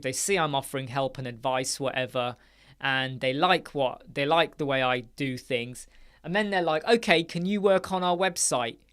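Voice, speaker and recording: A man's voice: fairly bright tone, clean tone. Chatty, blunt man hosting a live chat. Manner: chatty and blunt, mimics people in a higher voice. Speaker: live-stream host answering chat questions. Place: home studio.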